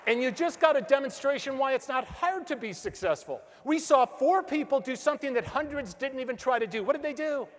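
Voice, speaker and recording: A man's voice: extremely high pitch, fairly quick, hardly any pauses. A middle-aged man giving a motivational stage speech, telling stories energetically and asking the audience questions. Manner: energetic storytelling, acts out quotes, asks the crowd questions. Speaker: motivational speaker. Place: large hall with an audience. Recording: hall reverb from a stage.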